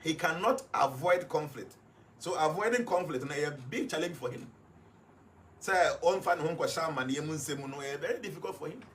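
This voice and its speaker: A man's voice: fairly high pitch, a little fast, fairly bright tone, slight background noise. A man with a Ghanaian accent giving explanatory commentary, stressing each point by repeating it emphatically. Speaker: guest analyst.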